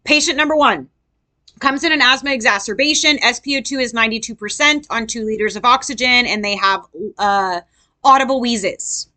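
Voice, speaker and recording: A woman's voice: a little high, a little fast, sharp tone. A woman tutoring nursing students in a casual review lesson, quizzing them and acting out patients.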